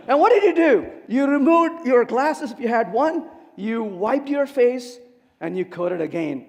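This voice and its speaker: A high-voiced man talks with a swinging, animated pitch as he gives a comic conference keynote. He keeps asking the audience questions. His voice rings with long reverb from a large hall. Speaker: conference speaker. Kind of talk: humorous technical keynote.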